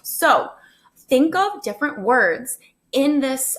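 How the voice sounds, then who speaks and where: A woman's voice: fairly high pitch, expressive, slow pace, fairly bright tone. A woman teacher giving a recorded phonics lesson to first graders, upbeat, chatty and encouraging.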